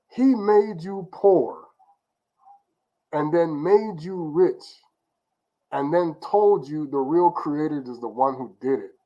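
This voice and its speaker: Preaching informally, this man repeats himself for emphasis and frequently starts phrases over, keeping things conversational. He has a slightly high, darkish voice, and the recording's highs are cut off.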